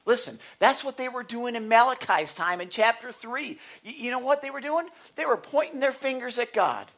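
A man's voice: very high voice, expressive, normal speed, fairly bright tone. A man preaching a sermon in an earnest, conversational way, asking the congregation questions and building to emphatic bursts. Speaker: pastor.

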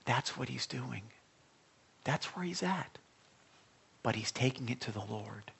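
Earnest preacher man, hushed asides. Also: fairly high pitch. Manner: earnest, lots of restarts, drops to a whisper for emphasis. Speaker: preacher speaking to young listeners. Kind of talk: sermon.

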